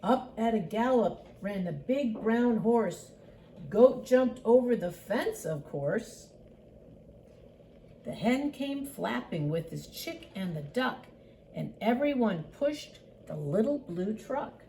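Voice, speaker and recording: An older woman, a grandmother, reading a picture book aloud in a slow, sing-song way and voicing the animal sounds. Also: on the high side, animated, warm tone, a little hiss or hum.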